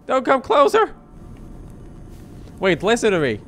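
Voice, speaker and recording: A man hosting a gaming video and reacting with loud, excited, shocked outbursts. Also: very high voice, unhurried, a little hiss or hum. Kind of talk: playing a game and reacting.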